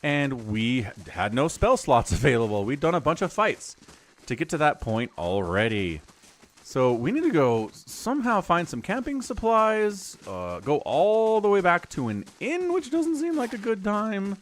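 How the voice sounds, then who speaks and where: A man's voice: on the high side, big pitch swings, measured pace. A middle-aged man streaming a role-playing game, chatting casually and rambling as he explains the story. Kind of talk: casual live-stream commentary.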